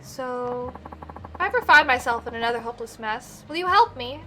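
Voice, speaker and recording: Woman voicing an earnest young woman in a game, soft, apologetic, high voice. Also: lively intonation, fairly quick, soft background music.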